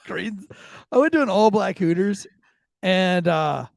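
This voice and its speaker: A man jokes crudely through a podcast chat, swearing as he tells stories. His voice is high and gravelly, with big swings in pitch. The sound is dry and close. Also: animated, measured pace, dry recording. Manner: crude, joking, swears freely. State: married. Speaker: podcast co-host. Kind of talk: casual chat.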